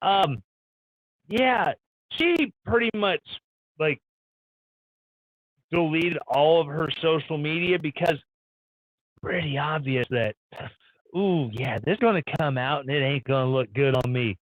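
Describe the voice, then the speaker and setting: A man's voice: a little high, unhurried, long pauses, no room sound. A man hosting a live stream, delivering sarcastic, irreverent news commentary in a ranting style. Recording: dull lo-fi stream audio.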